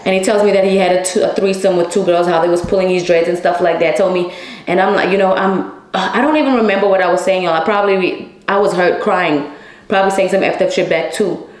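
A woman's voice: on the low side, steady tone, fast talker. A woman telling a story in a casual monologue to her viewers, speaking bluntly, swearing heavily and calling them y'all. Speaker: storyteller vlogger. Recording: echoey room.

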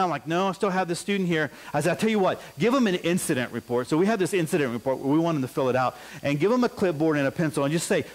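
A middle-aged pastor preaches to his congregation, leaning on a story and playing each part himself. His voice sits a little high for a man, and it jumps up further when he gets animated. The delivery is conversational and lively, full of quick asides. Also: low-quality recording. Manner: animated, acts out voices in anecdotes. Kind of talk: sermon with storytelling.

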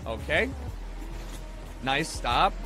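A man gamer reacting to plays with shouted disbelief. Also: on the high side, expressive, very slow, over music. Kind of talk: reacting to gameplay.

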